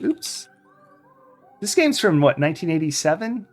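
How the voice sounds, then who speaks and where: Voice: medium pitch, expressive, moderate pace, soft background music. A game streamer giving casual live commentary, reading game text aloud and adding chatty asides. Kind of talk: live let's-play commentary.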